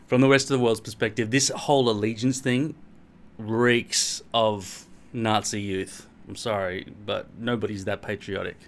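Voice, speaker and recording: Speaking unhurriedly in a fairly low, steady voice, a middle-aged Australian man rambles to the camera from his home. He's blunt, pokes fun at himself, and swears without holding back.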